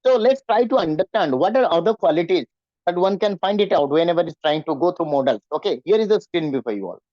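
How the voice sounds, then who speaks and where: A man's voice: sits high, animated, fast, a little mellow, dry recording, lo-fi sound. A man teaching in an online class, often asking his students questions. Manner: repetitive, questioning students, acts out nervous voices. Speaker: English teacher.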